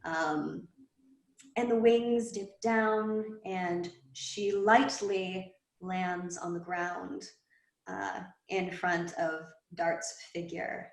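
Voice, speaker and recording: A woman narrating a tabletop game as game master, slow and halting with many fillers. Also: fairly low pitch, steady tone, gravelly, roomy sound, rough recording.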